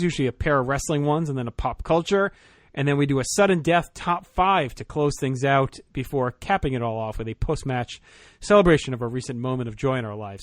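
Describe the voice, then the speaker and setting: A man hosting a casual podcast, talking in a relaxed way and swearing freely. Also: mid-range voice, dry recording, studio quality. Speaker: podcast host.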